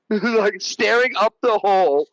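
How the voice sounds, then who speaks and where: A man's voice: high voice, slow pace, a bit bright, dry recording, poor audio. Rambling, cursing podcast guy. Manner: rambling, swears a lot, many restarts. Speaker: podcast host. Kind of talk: casual movie review chat.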